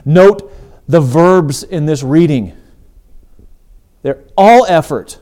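Earnest man preaching, mellow voice. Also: a little high, takes it slowly, pauses often. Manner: earnest and emphatic. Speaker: podcast host. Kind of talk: faith talk sermon.

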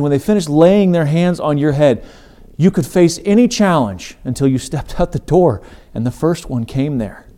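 Earnest man preaching, mellow voice. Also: a little high. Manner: earnest and emphatic. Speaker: podcast host. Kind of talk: faith talk sermon.

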